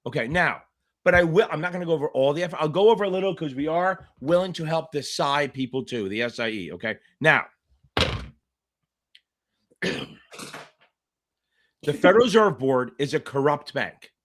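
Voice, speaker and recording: A middle-aged exam tutor fields questions on a live stream in a fairly high, fairly bright voice with lively intonation, normal speed and long pauses. Profane, blunt and provocative, he keeps wandering off into side stories.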